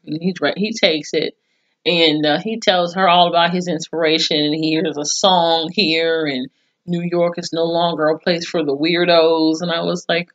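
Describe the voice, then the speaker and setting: A woman giving a casual, profane recap of a TV episode, acting out the characters' lines with animated voices. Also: lowish voice, moderate pace, highs cut off. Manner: chatty and profane, with animated acted-out quotes. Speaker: TV episode reviewer.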